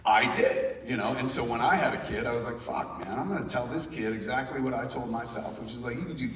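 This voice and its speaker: A man's voice: medium pitch, fairly quick. A middle-aged man telling a profane comic anecdote to a live convention audience on stage. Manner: profane, animated storytelling. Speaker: guest at a convention Q&A panel. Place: large convention hall stage. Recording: echoey hall, voice from far off, crowd noise. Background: audience in a large hall.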